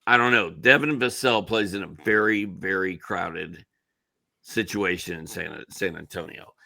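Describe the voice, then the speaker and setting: A man co-hosts a casual sports podcast chat, thinking aloud and weighing both sides. His voice sits low with a gravelly edge, yet it carries a bright, forward tone. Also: a little slow. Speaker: co-host.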